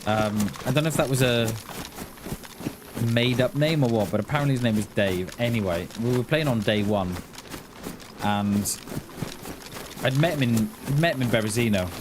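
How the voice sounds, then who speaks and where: A man's voice: medium pitch, normal speed, pauses often. Rambling male streamer, noisy audio. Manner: rambling, self-correcting storyteller. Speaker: gaming streamer. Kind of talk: casual chat while playing.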